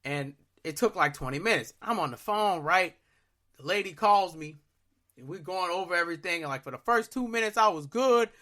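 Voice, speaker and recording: Bright-voiced young man telling a wild story. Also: high-pitched, normal speed. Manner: animated, profane storytelling with loud exasperated outbursts. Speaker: podcast co-host. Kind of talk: casual storytelling chat.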